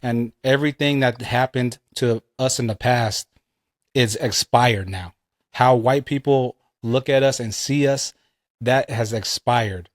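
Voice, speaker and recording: Brief: male podcast co-host, average pitch, dry close sound, swears freely, drifts off on tangents. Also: measured pace, no echo. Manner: loose, profane storytelling with tangents. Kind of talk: casual chat.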